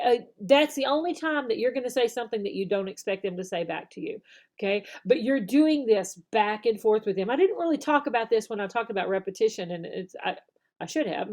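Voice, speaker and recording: A woman, an online English teacher explaining classroom techniques, often acting out slow, exaggerated example phrases and checking in with "okay?". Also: fairly high pitch, dark tone. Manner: demonstrates phrases slowly and exaggerated, tags "okay?". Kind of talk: instructional video talk.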